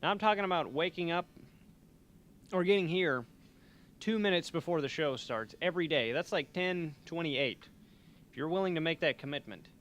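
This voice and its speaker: A young man rambles through a college radio show, joking at his own expense as he goes. His voice sits a little high for a man. A faint hiss of background noise hangs under the studio mic. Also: animated, moderate pace, long pauses, a bit bright. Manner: joking, rambling, self-mocking. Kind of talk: rambling comedic radio chat.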